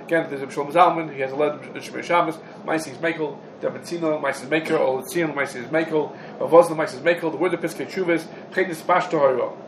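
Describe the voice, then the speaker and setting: A man's voice: a little high, fairly even intonation, quick pace, few pauses. A man giving a halacha class in English, packed with Hebrew and Yiddish terms, in an echoey room. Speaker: Talmud teacher. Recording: echoey room, background noise.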